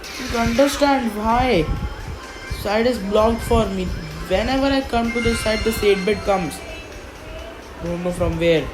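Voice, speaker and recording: Woman gamer moaning thru her match, slow talker, game music loud behind. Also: on the high side, low-quality recording. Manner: frustrated, complaining, pleading. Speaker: gaming commentator. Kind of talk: live gameplay commentary.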